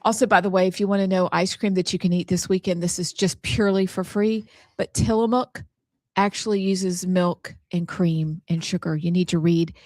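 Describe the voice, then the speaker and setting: A woman's voice: lowish voice, fairly even intonation, moderate pace, a little mellow, no room sound, studio quality. A woman co-hosting a talk show, chatty and exclamatory. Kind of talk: casual chat.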